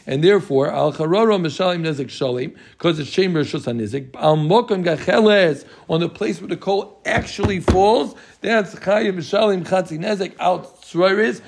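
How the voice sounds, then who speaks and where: High-voiced man teaching a Talmud class. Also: moderate pace, creaky, hardly any pauses, slightly rough. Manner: explains with Yiddish-inflected Yeshivish terms, quizzes students.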